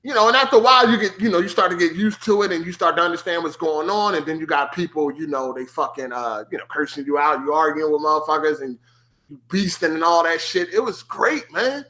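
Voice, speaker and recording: A man on a stream tells a gaming story in a fast, casual way, full of slang and curse words, and he acts out his younger self in a higher, excited voice.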